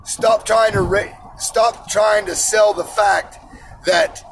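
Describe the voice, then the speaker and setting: A blunt, profane man in his forties rants in a high, gravelly voice. He preaches hard about responsibility, and faint vehicle noise hums behind him. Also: fairly even intonation, takes it slowly, poor audio. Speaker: iron worker ranting on camera. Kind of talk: profane personal rant.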